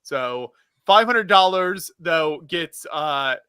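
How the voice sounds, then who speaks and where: Upbeat bright-voiced livestream host man. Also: a little high, lively intonation, takes it slowly, clear, resonant tone, dry recording, clean studio sound. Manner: upbeat, reads donor names and incentives. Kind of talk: casual livestream chat.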